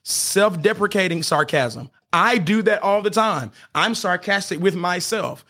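A man's voice: high voice, animated, measured pace, few pauses, pushed and bright. A man hosting an advice podcast, teaching in an emphatic, preacher-like way, often restarting his sentences and pushing points with "get this" and "hear me". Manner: often restarts and stumbles over words. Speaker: podcast host giving relationship advice.

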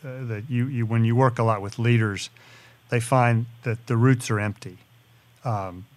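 Halting male interviewer asking long questions. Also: medium pitch, steady tone, a little mellow. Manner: hesitant, many restarts and fillers while framing questions. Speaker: interviewer host.

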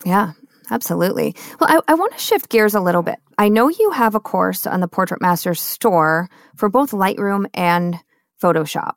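A woman's voice: medium pitch, expressive, moderate pace, dry recording, clean studio sound. A woman hosting a podcast, asking long questions and affirming her guest. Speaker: podcast host. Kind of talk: conversational interview.

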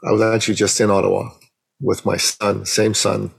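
A middle-aged man, a guest on an interview, telling a personal story with animated, emotional delivery and acting out the dialogue. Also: lowish voice, normal speed, gravelly, husky, low-quality recording. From Iran.

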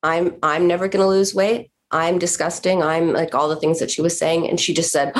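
A woman therapist speaks on a podcast in a lowish voice. She explains patiently and slips into little acted quotes of patients' self-talk. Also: steady tone, normal speed. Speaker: therapist guest. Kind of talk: podcast conversation.

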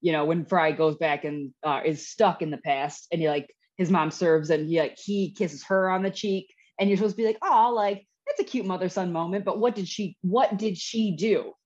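A woman's voice: fairly low pitch, steady tone, moderate pace, few pauses, a little mellow, husky. A young woman co-hosting a podcast in casual chat, rambling and peppering her talk with "like". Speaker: podcast co-host. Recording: dull lo-fi sound.

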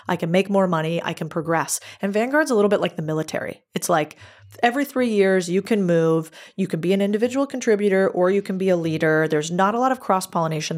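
A woman talking as a podcast guest, her voice sitting a little low for a woman. She tells her stories in a candid, chatty interview style and slips into quoted dialogue as she goes. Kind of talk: casual interview storytelling.

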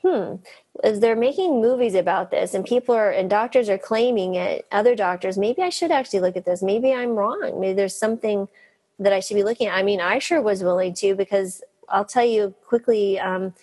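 Breathy middle-aged lady doctor, chatty and excited, keeps laughing mid-story. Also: mid-range voice, fairly quick. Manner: animated, laughs often, mimics others. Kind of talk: storytelling in an interview.

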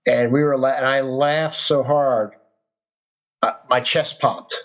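A middle-aged man talks as a podcast guest, earnest and a little rambling, often restarting his sentences. His pitch sits mid-range. The recording sounds dull and lo-fi. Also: takes it slowly, a bit bright. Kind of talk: casual storytelling conversation.

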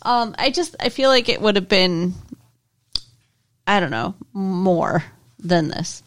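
A woman co-host talks casually and frankly in a podcast chat and laughs often. Her voice sits at a middle pitch. The sound is close and dry, with no room echo. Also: lively intonation, takes it slowly. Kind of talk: casual chat recapping a TV episode.

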